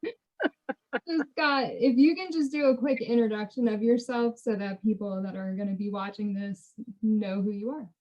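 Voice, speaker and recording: A woman's voice: on the high side, normal speed, dull audio. A woman host opening a video panel, polite and giggly, on a video call.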